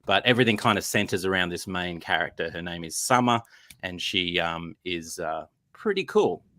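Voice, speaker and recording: An Australian man chats as a comic writer guest, self-deprecating and halting with fillers. His voice is low and bright, and the sound is dry and close. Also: expressive, no echo. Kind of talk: casual chat on a live stream.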